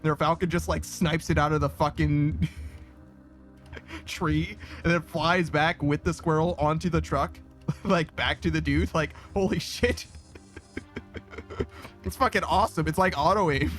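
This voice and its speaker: A man's voice: fairly high pitch, steady tone, unhurried, pauses often, fairly bright tone, soft background music. A man streaming a game, chatting casually and reading out chat, laughing often, swearing freely and rambling with lots of fillers.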